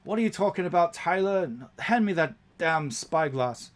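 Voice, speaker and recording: A man's voice: high voice, lively intonation, moderate pace, voice pushed up. A man voicing a grumpy, sweaty male gnome ship captain who blusters in exasperation. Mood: exasperated.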